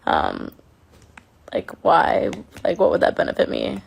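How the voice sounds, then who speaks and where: A woman's voice: rumbling low, huge pitch swings, a little slow, gravelly, slightly rough. A woman chatting casually on a phone livestream, reading and answering fan comments in an affectionate way and swearing now and then.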